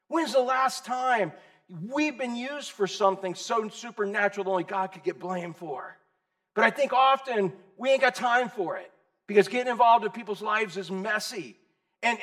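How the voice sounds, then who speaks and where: A man in his sixties preaching a casual, lively sermon, calling listeners dude and bro. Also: extremely high pitch. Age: 60s. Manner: animated, slangy, calls the audience dude and bro. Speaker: pastor.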